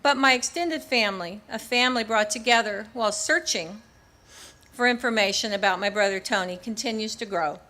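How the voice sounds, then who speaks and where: An older woman giving a keynote speech at an outdoor memorial ceremony in a park. She speaks earnestly and in a measured way, reading parts from her book with a few small restarts. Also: mid-range voice, sharp tone. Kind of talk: public speech partly read from her book.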